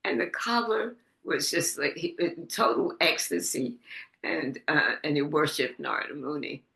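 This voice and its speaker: A woman leading a devotional class over a video call, telling a story with many restarts and lively quoted voices. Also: sits low, creaky. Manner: halting, restarts often, animated when quoting. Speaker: class leader. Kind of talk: casual storytelling in an online class. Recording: echoey video call audio.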